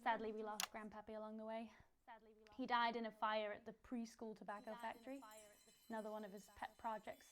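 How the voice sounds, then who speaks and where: An English actress playing a slick toy company spokeswoman in a put-on American accent, with smooth salesy corporate delivery. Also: fairly high pitch, level tone, fairly quick, lightly acted. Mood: reminiscing. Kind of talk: comedy audio drama acting.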